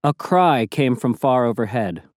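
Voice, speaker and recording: A man narrating an audiobook in a measured storytelling manner. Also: mid-range voice, sing-song, darkish tone, no echo, studio quality. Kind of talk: scripted narration.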